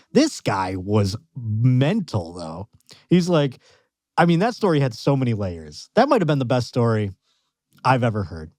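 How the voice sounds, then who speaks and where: A man hosting a comedy podcast, joking loudly and laughing often as he reacts to clips. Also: mid-range voice, dry recording, studio quality. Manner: loud, joking, laughs a lot. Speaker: podcast host.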